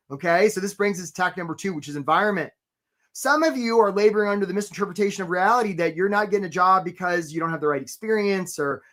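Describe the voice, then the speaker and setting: A man coaching job seekers on a live webinar, animated and casual, often stopping to greet attendees by name. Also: high-pitched. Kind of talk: energetic live webinar talk.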